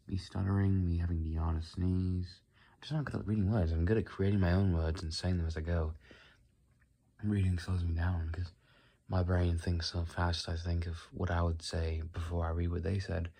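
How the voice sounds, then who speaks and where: A sleepy young man talks in a soft, soothing murmur, letting his thoughts drift late at night. His voice sits very low with a gravelly, husky edge. It sounds like a phone recording in a quiet bedroom. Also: flat delivery, moderate pace. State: tired, sleepy. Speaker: vlogger. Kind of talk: late-night casual rambling talk.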